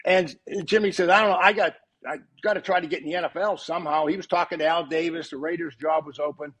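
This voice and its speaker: A quick-paced older man with a high-leaning voice and a breathy edge guests on a podcast. Once a coach, now retired, he tells long, casual anecdotes and acts out the dialogue he quotes with gusto.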